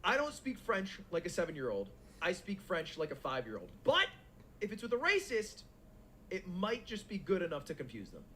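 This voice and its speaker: A man telling a long anecdote in casual chat, animated and laughing as he goes. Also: high-pitched, normal speed, slight background noise. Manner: animated, laughing, with quoted voices. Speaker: podcast co-host.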